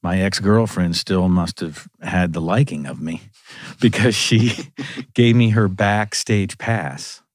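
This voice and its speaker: Deep-voiced man telling rock stories. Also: takes it slowly, no room sound, studio quality. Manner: animated storyteller who laughs through his anecdotes. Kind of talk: casual storytelling conversation.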